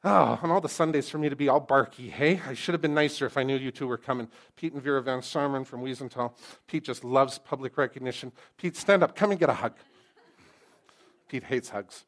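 Middle-aged male preacher, lively, joking asides, loud emphasis then quiet intensity, mid pitch. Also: fairly quick. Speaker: pastor. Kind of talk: sermon.

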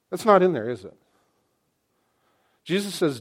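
Man, 60s, pastor mid-sermon; dynamic delivery, repeats lines for emphasis, loud-to-soft swings. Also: fairly high pitch, animated, fast talker, pauses often. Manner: emphatic, swings from loud exclamations to hushed asides.

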